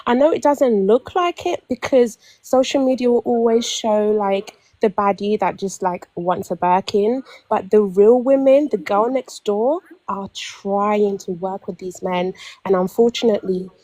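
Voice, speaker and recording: A young woman from London, phoning in to a panel, delivers an extended personal anecdote at a measured pace with hardly any pauses and a medium pitch. She animates the story by performing quotes and restarts many times; the sound is dry.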